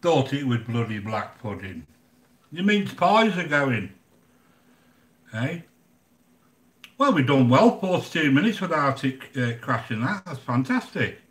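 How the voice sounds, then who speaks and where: An older English man with an everyday mid-pitched voice talks casually to his viewers. He is chatty and blunt, grumbling and joking as he goes. His voice carries a noticeable room echo. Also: big pitch swings, a little slow, pauses often, fairly bright tone. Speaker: livestream cooking channel host. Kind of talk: casual live chat with viewers.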